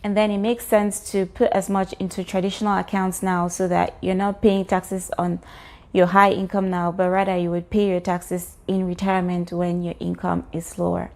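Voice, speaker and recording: A woman's voice: lowish voice, flat delivery, moderate pace, vocal fry, darkish tone. A woman, vlogging about personal finance in an earnest, encouraging way, explaining step by step with occasional fillers. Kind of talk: explanatory talk to camera.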